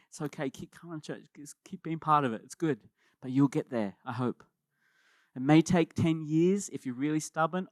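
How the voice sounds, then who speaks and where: A man preaching a sermon as pastor, in a conversational and animated way, often repeating words as he starts a thought. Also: medium pitch, no echo, studio quality.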